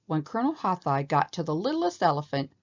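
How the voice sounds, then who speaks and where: A woman reads a children's story aloud with animated, expressive pacing. Her voice is low, and the recording sounds slightly dull. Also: brisk. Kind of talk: storybook read-aloud narration.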